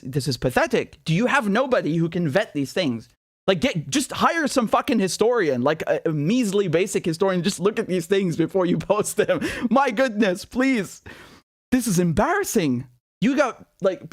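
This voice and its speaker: High-voiced man ranting sarcastically. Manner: sarcastic, indignant, swears, laughs often. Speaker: political commentator host. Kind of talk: casual commentary rant.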